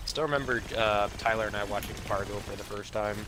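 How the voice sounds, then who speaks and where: A man's voice: on the low side, a little fast, background noise. A man in casual chat with friends while playing a game, swearing freely and reacting to the match mid-sentence. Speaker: gamer chatting with friends.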